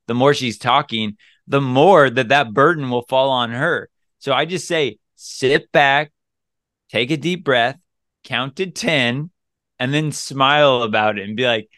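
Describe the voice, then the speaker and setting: A man co-hosting a podcast, giving casual dating advice and acting out his own lines in animated little scenes. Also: mid-range voice, moderate pace, dry recording, studio quality. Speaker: dating coach podcast co-host.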